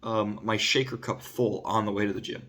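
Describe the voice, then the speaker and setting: A man's voice: fairly even intonation, moderate pace. A man hosting his own vlog, talking casually about self-improvement and often asking "right?" and saying "dude". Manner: gets louder and higher when making a point. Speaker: vlog host. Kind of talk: casual self-help monologue.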